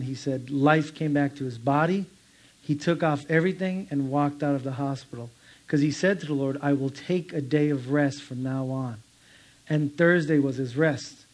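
A man's voice: a little high, a little mellow. A man preaching an informal sermon, telling stories in a conversational way and acting out the people in them. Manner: conversational storytelling with quoted voices; laughs while telling stories. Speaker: pastor.

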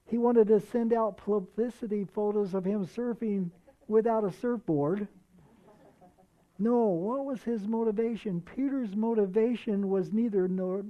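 Earnest preacher in a lo-fi recording. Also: mid-range voice. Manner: earnest, conversational, with slowed, stressed readings of verses. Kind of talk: sermon, reading and explaining scripture. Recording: dull lo-fi recording.

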